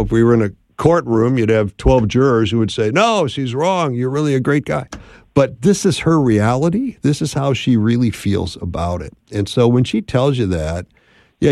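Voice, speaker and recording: A man's voice: medium pitch, a little mellow, no room sound. Man, radio call-in host, dry studio mic, upbeat greetings, folksy advice.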